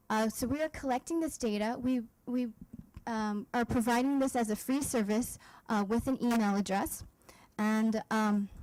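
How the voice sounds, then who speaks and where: A woman presenting her startup at a demo day pitch, explaining her product step by step with frequent fillers and restarts. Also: darkish tone, dry recording, poor audio. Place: event stage.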